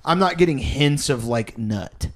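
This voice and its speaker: A man's voice: medium pitch, expressive, a little slow. A man telling casual stories on a podcast, rambling and profane, full of filler words. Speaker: podcast guest. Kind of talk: casual storytelling.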